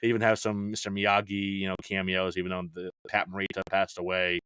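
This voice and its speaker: A man's voice: low-pitched, completely flat delivery, fast talker, pushed and bright, clean tone, no room sound. A middle-aged man chatting casually as a podcast guest, rambling with many "you know"s and restarts. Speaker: podcast guest, fantasy baseball analyst.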